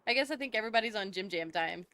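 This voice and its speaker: A woman chats with her stream while she plays, giggly and talkative. Her voice is smooth and clear, and she answers her viewers' questions easily. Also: medium pitch, animated, racing, bright, forceful tone, no echo. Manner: chatty and giggly, answering chat. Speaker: live streamer. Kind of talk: casual chat with viewers while gaming.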